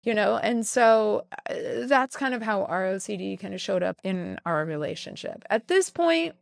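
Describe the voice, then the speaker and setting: A woman's voice: medium pitch, expressive, moderate pace, creaky, no echo, clean studio sound. A woman hosting a podcast, telling stories animatedly and acting out quoted dialogue with frequent laughs. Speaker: podcast host, therapist. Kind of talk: casual conversational podcast.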